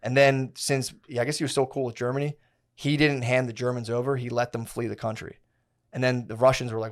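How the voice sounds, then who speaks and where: A man's voice: mid-range voice, steady tone, quick pace. A young man chatting on a podcast, rambling through a story full of "like" and restarts and quoting people in a bro voice. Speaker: podcast co-host. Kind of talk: casual podcast chat, rambling history retelling.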